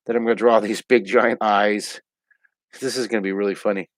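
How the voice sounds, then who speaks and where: A man's voice: on the low side, fairly even intonation, a little fast, dry recording. A middle-aged man hosting a live online drawing lesson from home, chatty and upbeat as he talks through each pencil stroke. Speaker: drawing teacher and host.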